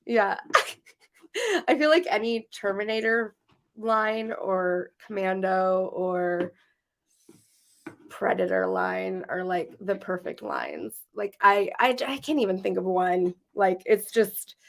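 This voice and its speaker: A woman co-hosting a live podcast, speaking in an unhurried way, trailing off with filler words and laughs. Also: mid-range voice, creaky, fairly bright tone. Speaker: podcast co-host. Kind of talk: casual live podcast chat.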